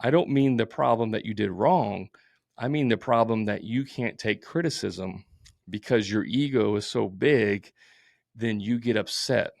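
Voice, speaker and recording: Guy hosting his own podcast, kinda low gravelly voice, talks blunt n repeats himself. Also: measured pace, dry recording, studio quality. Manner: blunt, repetitive, informal with fillers and restarts. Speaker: podcast host. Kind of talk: solo podcast monologue.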